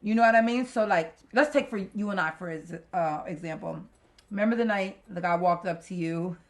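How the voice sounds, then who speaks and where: A middle-aged woman co-hosts a casual podcast chat. Her voice sits at an ordinary middle pitch, and she talks bluntly and emphatically, laughing often. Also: fairly quick. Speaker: podcast co-host.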